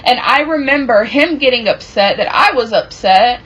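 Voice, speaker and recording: A woman casually telling a personal story from her relationship, animated and acting out what people said. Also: fairly high pitch, normal speed, slightly rough, dull audio. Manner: animated, reenacts quoted dialogue.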